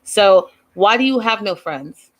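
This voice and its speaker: Female host, mid-pitched, casual and opinionated, asks lots of rhetorical questions. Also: expressive, measured pace, a bit bright. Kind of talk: casual reality TV recap.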